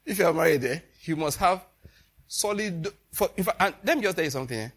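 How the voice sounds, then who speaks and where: A man preaching a loose, storytelling sermon and laughing often as he goes. His voice sits a little high and husky, and it swings widely in pitch. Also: expressive, quick pace, fairly bright tone. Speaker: pastor.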